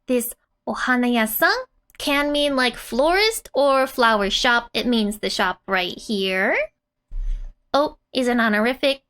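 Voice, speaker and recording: A woman's voice: a little high, bright, forceful tone. A woman teaching a casual language lesson in a chatty way, often laughing and saying "like". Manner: chatty and giggly, with filler "like". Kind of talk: casual lesson explaining manga dialogue.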